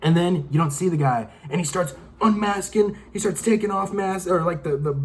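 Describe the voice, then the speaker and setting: A man's voice: sits high, normal speed. A young man giving a casual, profane, rambling movie review, exasperated and acting out lines from the film. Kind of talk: casual rant-style review.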